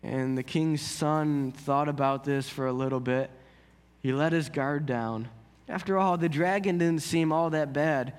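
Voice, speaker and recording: A man's voice: fairly high pitch, measured pace, clear, resonant tone, big-room sound. A man preaching a sermon in an earnest, conversational way, telling a story. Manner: earnest, conversational, builds intensity. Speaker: pastor.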